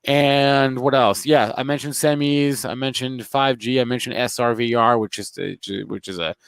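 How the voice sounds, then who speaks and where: A man with a New Jersey accent co-hosting a market show, rattling off ticker symbols quickly and restarting his words. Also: mid-range voice, fairly even intonation, clear, resonant tone, no room sound. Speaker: co-host, trader. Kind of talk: fast market talk show chat.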